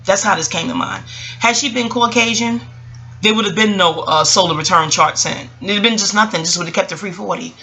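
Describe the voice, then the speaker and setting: This New York woman, with the accent to match, is an astrologer vlogging to her audience, digressive and talkative, addressing them as y'all. She speaks fairly quickly in a medium pitch with a sharp tone.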